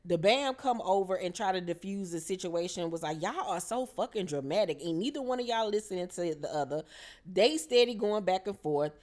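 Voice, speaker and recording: A woman's voice: lowish voice, normal speed. A woman giving a chatty, slangy recap of a reality show episode, often mimicking the cast's lines. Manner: chatty, slangy, quotes the cast in lively voices.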